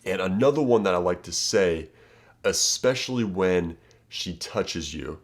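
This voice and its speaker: A man with a low voice talks straight to the viewer as a dating coach. His delivery is casual and emphatic. He keeps tagging his points with quick checks like "okay?" and "right?". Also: animated. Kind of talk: direct-to-camera advice talk.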